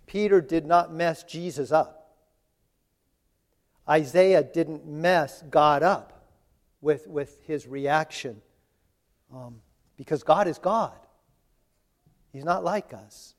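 A man's voice: on the high side, slow pace, pauses often. A man preaching a sermon in a chatty, conversational way, retelling scripture in everyday voices. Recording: long hall reverb.

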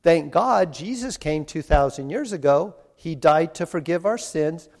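Guy preaching a sermon, earnest and pleading, voice a bit high, lots of hall echo. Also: lively intonation, measured pace, creaky. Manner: earnest, pleading, voices God and Jesus in quotes. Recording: long hall reverb.

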